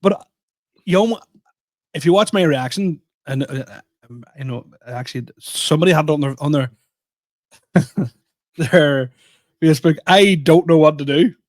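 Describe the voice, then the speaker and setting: A man's voice: fairly high pitch, moderate pace, long pauses, no room sound, studio quality. A young man co-hosting a podcast, telling stories in a rambling, self-deprecating way with lots of restarts. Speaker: podcast co-host and comedian. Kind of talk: casual chat.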